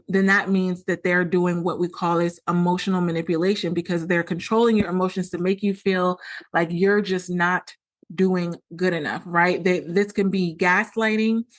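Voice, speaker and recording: A woman's voice: fairly low pitch, fairly even intonation, normal speed. A woman hosting a solo podcast, explaining earnestly and often acting out quoted dialogue. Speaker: podcast host.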